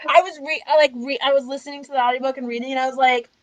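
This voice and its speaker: A woman hosting a casual book club discussion over a video call, animated and chatty, wandering off on tangents. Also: high voice, rapid-fire, no room sound, low-quality recording.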